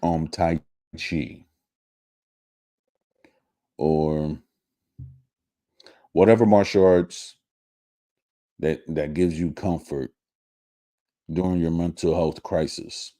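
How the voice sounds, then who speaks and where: A man hosting a casual live stream, talking in a halting way with many restarts and fillers. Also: deep voice, steady tone, dark tone. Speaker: show host.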